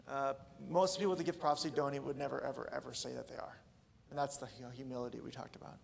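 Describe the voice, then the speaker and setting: Casual male pastor, thirties, gravelly, loose and joking sermon delivery. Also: on the high side, a little hiss or hum.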